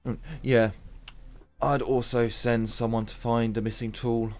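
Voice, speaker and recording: A man's voice: medium pitch, flat delivery, unhurried, darkish tone, natural voice. A man reading the lines of a gloomy, self-pitying male cult member from a video game in a mopey, bitter way.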